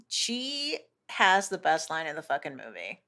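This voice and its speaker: A woman co-hosting a movie podcast, talking in an animated way, swearing freely and quick to laugh. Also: sits low. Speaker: podcast co-host. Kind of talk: casual chat.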